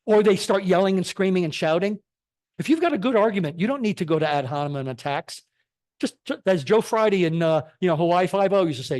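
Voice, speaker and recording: Middle-aged male church speaker, sermon lecture, slightly high voice, punchy and emphatic, keeps asking "okay?". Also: animated, fairly quick, darkish tone. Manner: emphatic, rhetorical questions, frequent "okay?" checks. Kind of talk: sermon-style lecture on science and faith. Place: church sanctuary.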